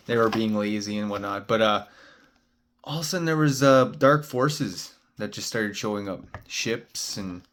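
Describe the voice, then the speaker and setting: Low-voiced man rambling through a story. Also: background noise. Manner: meandering, heavy on "uh" and "like" fillers. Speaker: spiritual card reader.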